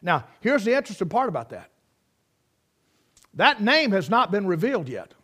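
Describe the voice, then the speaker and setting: A man preaching a sermon, fervently swinging from shouts to hushed tones and repeating phrases for emphasis. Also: high voice, sing-song, normal speed, breathy edge.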